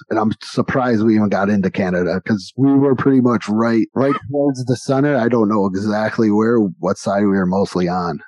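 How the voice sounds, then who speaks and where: Man, 40s, host. Mellow, rambling anecdotes, dull dry lo-fi sound. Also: lowish voice, steady tone, a little fast, hardly any pauses, dry recording. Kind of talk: casual storytelling.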